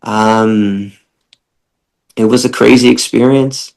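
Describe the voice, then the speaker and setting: A middle-aged man telling a long story as a podcast guest, animated, often repeating words and acting out the people he quotes. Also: mid-range voice, slow pace, creaky, poor audio.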